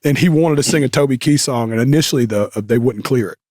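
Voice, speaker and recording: A man's voice: mid-range voice, fast, a little mellow, no echo. Man, interview guest, casual storytelling, rambling, lots of fillers, dry sound. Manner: rambling, filler-heavy, with self-corrections.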